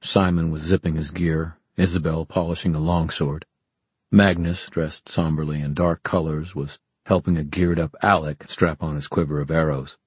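A man reading an audiobook in calm, measured narration. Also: very deep voice, husky, dry recording. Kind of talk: scripted narration.

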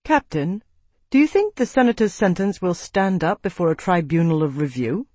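Man doing young knight commander, composed, precise, dry wit, slightly raised pitch. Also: animated, no room sound. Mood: measured. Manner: measured, precise, quietly dry.

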